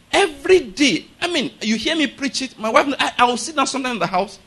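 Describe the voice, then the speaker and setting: A male pastor preaching a sermon, emphatic and repeatedly asking the congregation if they follow him, building to loud, forceful declarations. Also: extremely high pitch, lively intonation, quick pace, few pauses, husky.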